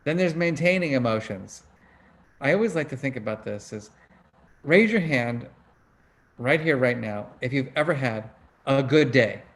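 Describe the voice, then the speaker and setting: A man's voice: medium pitch, lively intonation, normal speed, long pauses. A middle-aged man hosting an online book club over a video call, teaching in a casual, conversational way and asking his audience questions. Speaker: book club host and emotion researcher.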